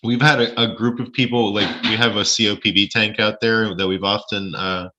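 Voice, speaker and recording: A man's voice: on the low side, fairly even intonation, normal speed, bright, forceful tone, highs cut off. A man being interviewed over a live stream, chatty and rambling, with lots of restarts and joking asides. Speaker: space-tourism lodging owner.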